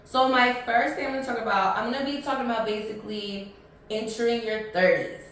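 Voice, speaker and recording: Her voice is a little high and a bit bright, and she talks a little fast. She's thirty, hosting a solo podcast in a casual, chatty, blunt way, full of ums and restarts. There's slight background noise, an echoey room, and a distant mic.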